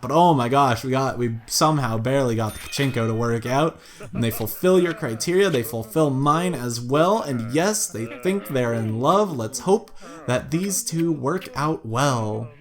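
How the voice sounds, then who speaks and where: A chatty man talks his way through a matchmaking game, reading out profiles and musing about his choices. His voice sits at an ordinary middle pitch, easygoing and amused, now and then jumping up into excited shouts. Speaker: gameplay commentator. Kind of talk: let's play commentary.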